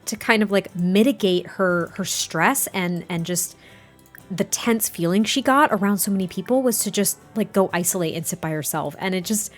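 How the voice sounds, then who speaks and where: A woman hosting a let's play, chatting excitedly and getting exasperated at her game. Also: mid-range voice, faint music behind. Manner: chatty, excitable, quick to exasperation, laughs often. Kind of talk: casual gameplay commentary.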